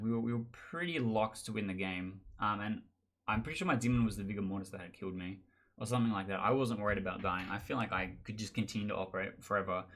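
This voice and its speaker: A man with a fairly low voice tells stories from tabletop games in a relaxed, chatty monologue. He keeps it animated and acts out the other players' lines as he goes. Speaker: board game channel host. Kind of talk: casual storytelling monologue.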